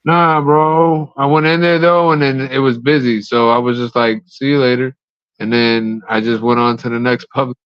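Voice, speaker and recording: A man's voice: mid-range voice, flat delivery, moderate pace, few pauses, smooth. A man co-hosting a casual podcast, telling rambling stories and swearing casually. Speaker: co-host. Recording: slightly dull, dry mic.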